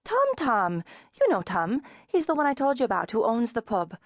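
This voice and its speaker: A woman's voice: fairly high pitch, huge pitch swings, normal speed, no room sound, studio quality, full character voice. A woman voicing a breezy, unflappable friend on the phone. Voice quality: teasing, matter-of-fact.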